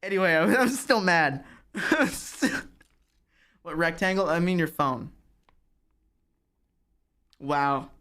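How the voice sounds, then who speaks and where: A man's voice: a little high, slow pace, long pauses, sharp tone. A young man chatting casually on a live stream, ranting and mocking himself with plenty of profanity.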